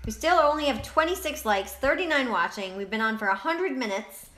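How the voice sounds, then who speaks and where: Bright high-voiced giggly woman. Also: animated, fairly quick. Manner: giggly, reads viewer comments aloud. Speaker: livestream co-host reading chat. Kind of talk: casual livestream chat.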